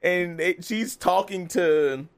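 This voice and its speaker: A man co-hosting a podcast, chatting casually about movies in an animated way, laughing and chiming in. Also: high-pitched. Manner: animated, quick to laugh and chime in. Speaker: podcast co-host.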